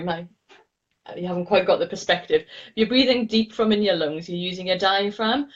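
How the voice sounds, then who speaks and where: A woman's voice: lowish voice, highs cut off. Bubbly Northeast English woman. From Northeast England. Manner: bubbly, laughs often, demonstrates laughter sounds. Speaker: laughter yoga teacher, guest. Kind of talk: enthusiastic interview, teaching demo.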